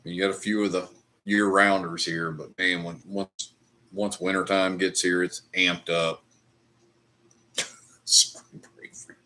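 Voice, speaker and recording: Deep-voiced man ranting with profanity. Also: flat delivery, slow pace, long pauses, bright, forceful tone. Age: middle-aged. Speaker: livestream host. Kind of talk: casual chat while drinking whiskey.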